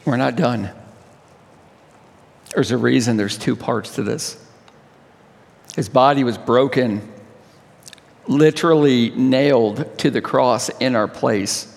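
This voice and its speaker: A male pastor leading communion with an impassioned sermon, swelling to high cries and dropping to hushed tones. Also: takes it slowly, vocal fry, long pauses, long reverb tail.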